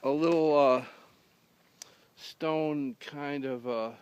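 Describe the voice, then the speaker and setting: Slow, smooth-voiced deadpan storyteller man. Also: on the high side. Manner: rambling, many fillers and restarts, dry delivery. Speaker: humorous storyteller. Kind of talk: casual deadpan anecdote telling.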